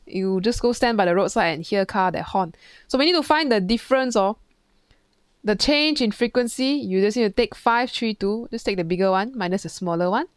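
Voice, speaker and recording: A woman's voice: medium pitch, lively intonation, brisk, clean tone, no room sound, clean studio sound. Chatty woman tutor talking through a problem. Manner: chatty, imitates sounds, thinks aloud. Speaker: physics tutor. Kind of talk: exam question walkthrough. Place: classroom.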